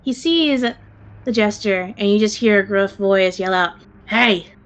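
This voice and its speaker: A woman game master narrating a tabletop game at an unhurried, deliberate pace, casually dropping swear words as she sets each scene. Her voice sits at an ordinary middle pitch. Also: muffled recording.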